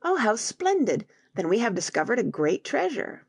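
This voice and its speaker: A woman voicing an excitable teenage boy in an audiobook, exclaiming and lively. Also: a little high, normal speed, breathy edge, no echo, studio quality, heavily acted. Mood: excited.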